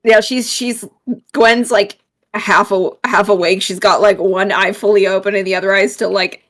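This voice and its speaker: A woman's voice: medium pitch, steady tone, normal speed, fairly bright tone. A woman in a tabletop game narrating her character's actions in a casual, rambling way, full of fillers, laughing and the odd swear word. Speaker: player.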